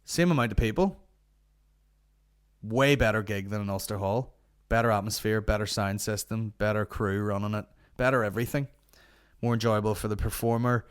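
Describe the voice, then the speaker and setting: Sweary low-voiced Northern Irish man. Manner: sweary, rambling banter. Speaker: podcast host. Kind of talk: casual chat.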